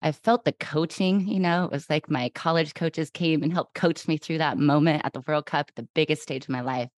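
A woman in her forties hosting a podcast, telling a lively story in casual chat and acting out her own past thoughts. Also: low-pitched, moderate pace. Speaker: podcast host.

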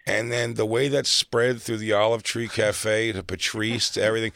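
A man from South Jersey telling a long, animated comedy anecdote and acting out other people's lines. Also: fairly low pitch, normal speed, gravelly, no room sound, clean studio sound. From South Jersey, near Philadelphia. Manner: animated anecdote teller, acts out quotes. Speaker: comedian guest. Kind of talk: casual storytelling chat.

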